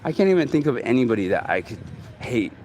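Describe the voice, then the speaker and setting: Man in his forties, vlogging outdoors, halting and rambling, lots of fillers, faint traffic behind. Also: medium pitch, very animated, a little mellow. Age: 40s. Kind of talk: casual talk to camera. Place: outdoors in a city park.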